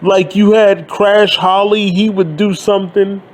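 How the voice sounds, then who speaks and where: A man in his thirties delivers a profane, sarcastic rant in a fairly high voice. He talks slowly and bluntly, leaning into each complaint. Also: fairly even intonation. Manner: blunt, sarcastic, swears freely. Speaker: wrestling commentary YouTuber. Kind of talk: profane ranting monologue.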